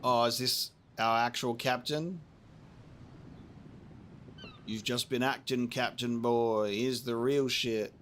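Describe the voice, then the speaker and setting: A man's voice: mid-range voice, steady tone, takes it slowly, long pauses, a bit bright, slight background noise. A man casually commenting and joking while playing through a story game. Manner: laid-back, joking reactions. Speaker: streamer.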